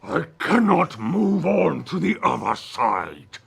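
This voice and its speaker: A vengeful warrior spirit returned from the dead, which a man puts on. He booms in a rough, gravelly, breathy voice that swings widely up and down. Each word is dragged out at a very slow crawl. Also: very animated, a bit bright, full character voice. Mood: booming. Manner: slow, drawn-out, booming delivery. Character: booming undead male warrior spirit, vengeful.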